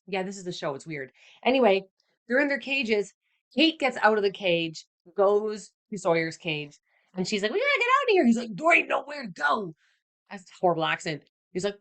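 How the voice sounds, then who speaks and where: A young woman hosts her own podcast, talking alone in a loose, casual way. She rants with animated exasperation and keeps breaking into mocking imitations. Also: mid-range voice. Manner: animated, exasperated ranting with mocking put-on quotes. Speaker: podcast host. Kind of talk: casual solo podcast chat.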